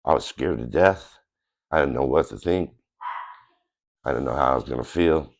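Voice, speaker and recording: A channel host with a very deep voice, nasal from a cold he's recovering from, talks at normal speed to camera. He shares his personal faith story casually, in an earnest, plain-spoken, rambling way.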